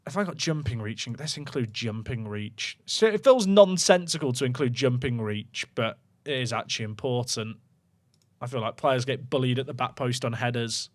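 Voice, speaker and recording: A man's voice: medium pitch, animated, moderate pace. Man musing through a game stream. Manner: musing aloud, chatting to viewers. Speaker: gaming streamer. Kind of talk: casual livestream commentary.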